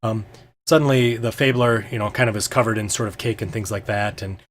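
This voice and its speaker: A man's voice: lowish voice, fairly even intonation, brisk, a little hiss or hum. A man as game master, narrating a tabletop game in a hesitant way with many ums and restarts.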